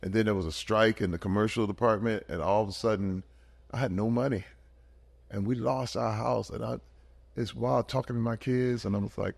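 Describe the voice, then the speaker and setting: A man in his fifties, a podcast guest, telling stories in an emphatic, animated way in casual conversation. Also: mid-range voice, a little fast, vocal fry. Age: 50s.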